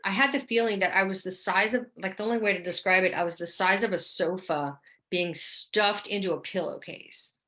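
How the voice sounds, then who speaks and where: A woman from New Orleans, a guest in an interview, telling her story in a lively, vivid way with lots of "like" and "right?". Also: medium pitch, moderate pace. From New Orleans, USA. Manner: animated, vivid storyteller, often says "like" and "right?".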